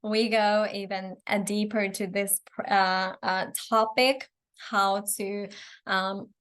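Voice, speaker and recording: A woman's voice: mid-range voice, fairly even intonation, slow pace, fairly bright tone, smooth. A woman business coach running a live online mentoring session, talking in a friendly, loose way with frequent hesitations and restarts, her voice tiring after a long stretch. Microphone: video call microphone.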